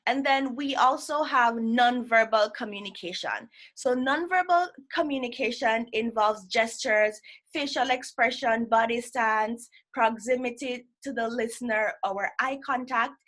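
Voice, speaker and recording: A woman's voice: a little high, fairly bright tone. A woman presenting an educational session, explaining ideas step by step and checking in with "right?". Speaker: workshop presenter.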